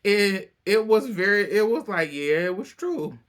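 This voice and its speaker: A man's voice: high voice, measured pace. A man giving a casual, gossipy recap of a reality show. He talks loosely with lots of slang and fillers, and he acts out the quotes in a raised voice. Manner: animated storyteller who acts out quotes in a raised voice; loose, chatty delivery with many fillers and slang.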